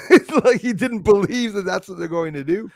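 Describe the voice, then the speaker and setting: A man hosting a casual chat, telling stories in an excitable, animated way. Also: high-pitched, moderate pace, gravelly, no room sound, clean studio sound. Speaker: podcast host.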